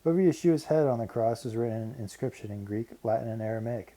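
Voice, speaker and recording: A man narrating a Bible passage in a measured, steady reading. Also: medium pitch, rough recording. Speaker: Bible reader. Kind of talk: scripted narration.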